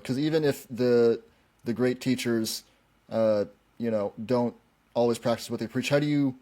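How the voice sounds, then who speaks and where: A man's voice: mid-range voice, mellow. A man hosting a podcast, asking curious questions and often restarting them as he goes. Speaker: podcast host. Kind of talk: interview questions.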